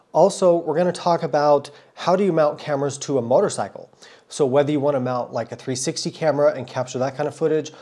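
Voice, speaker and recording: A man's voice: medium pitch, warm tone. Man with a cold explaining camera gear. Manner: friendly, thorough, repeats words for stress. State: has a cold. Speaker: motorcycle vlogger. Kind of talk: casual explanatory vlog talk.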